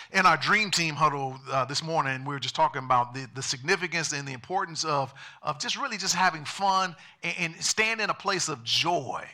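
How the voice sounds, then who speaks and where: A man's voice: a little high, pushed and bright. A male pastor preaching a sermon emphatically and calling on the congregation to respond.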